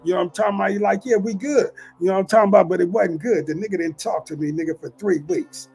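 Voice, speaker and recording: A man's voice: high voice, fairly even intonation, very fast, gravelly, a little mellow, slightly rough, soft background music. A man hosting his own channel, telling a long street story in a profane, streetwise way and often asking if you follow him. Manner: profane, streetwise, keeps asking "you know what I'm saying". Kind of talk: casual storytelling monologue.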